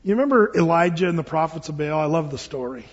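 A man's voice: on the high side, animated, fast talker, slightly rough. A man, a pastor, preaching a sermon in a conversational, humorous storytelling manner. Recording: reverberant hall, dull lo-fi sound.

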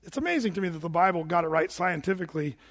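High-voiced man preaching in a reverberant hall. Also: rapid-fire. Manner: animated, emphatic preaching with quoted asides. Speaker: pastor. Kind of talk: sermon.

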